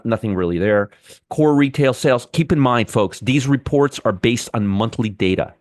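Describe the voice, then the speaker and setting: A man's voice: on the low side, no echo, clean studio sound. A man hosting a live trading stream, chatting with viewers by name and commenting on markets in a casual, restarting way.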